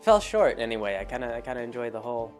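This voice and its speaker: A man's voice: medium pitch, very animated, fast, soft background music. Rambling man in a casual chat. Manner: rambling, full of fillers and restarts. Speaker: host. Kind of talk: casual spoken commentary.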